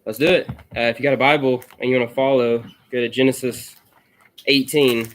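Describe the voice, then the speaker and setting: A man in a mid-range voice leads a small church gathering, introducing a sermon reading. He talks in a relaxed, conversational way, unhurried and informal. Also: medium pitch, slight background noise. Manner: relaxed, conversational, leading sharing time. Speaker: pastor.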